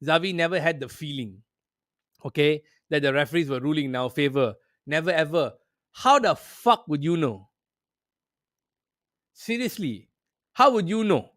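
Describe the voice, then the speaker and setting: A man's voice: on the high side, animated, moderate pace, fairly bright tone, dry recording, clean studio sound. A man hosting a football talk show, ranting in a profane, sarcastic way. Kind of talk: heated casual commentary.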